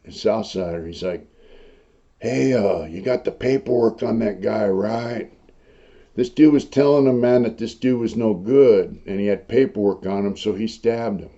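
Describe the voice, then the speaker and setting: An older man telling his own prison stories in a rough, profane, rambling way, full of fillers. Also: on the low side, mellow. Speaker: host recounting prison life. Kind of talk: casual storytelling monologue. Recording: dull lo-fi recording.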